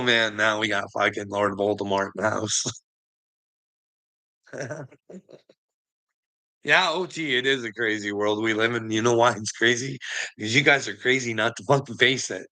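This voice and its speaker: Gravelly, sharp-voiced man ranting on a livestream. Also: mid-range voice, a little slow, long pauses. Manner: profane, laughs often, calls viewers bud. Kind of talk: casual livestream rant.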